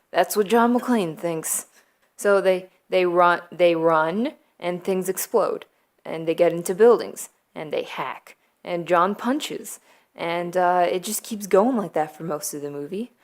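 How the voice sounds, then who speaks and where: A young woman doing a deadpan, rambling comic movie recap from memory, full of hesitations. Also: medium pitch. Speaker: youtuber.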